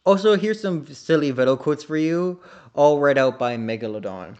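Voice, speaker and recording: A man's voice: a little high, animated, moderate pace, darkish tone, dull audio. A man narrating a scripted video essay in a wry but earnest manner.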